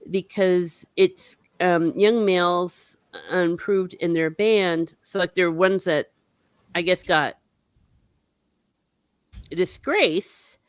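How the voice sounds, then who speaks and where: A woman's voice: on the low side, smooth, no echo. A woman hosting a casual book discussion, animatedly retelling the plot and acting out the characters' lines. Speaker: book club host.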